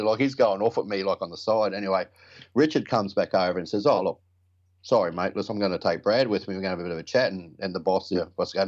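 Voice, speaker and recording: A man's voice: deep voice, quick pace, muffled recording. A middle-aged man telling rambling, blokey stories as an interview guest, swearing casually. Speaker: prop builder guest.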